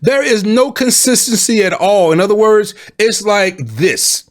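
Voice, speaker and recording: A man giving dating advice in a lively, colloquial, preaching style, acting out little quoted exchanges and calling listeners baby and boo. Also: sits high, measured pace. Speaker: life and love coach.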